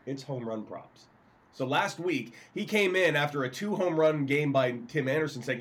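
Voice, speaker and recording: Animated man telling a sports story. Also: on the high side, moderate pace, poor audio. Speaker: co-host. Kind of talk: casual sports talk.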